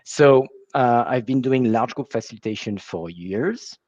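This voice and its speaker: A man's voice: medium pitch, lively intonation, a little mellow, no echo. Male guest, French accent, hesitant conversational delivery, dull, dry call-quality audio. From France. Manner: halting, restarts phrases, laughs easily. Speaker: guest facilitator. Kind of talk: casual interview chat.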